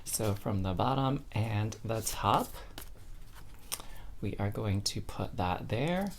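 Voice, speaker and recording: A woman with a bass voice speaks slowly, with a little hiss or hum in the recording. She's a tarot card reader doing a casual, chatty spiritual card reading to camera, bubbly and calling her viewers "fam."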